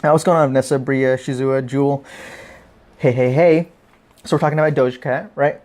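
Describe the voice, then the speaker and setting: A man's voice: medium pitch, fairly even intonation, fairly quick, a little mellow. A man hosting his podcast, talking through the topic in a casual, joking monologue with a wry tone. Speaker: podcast host.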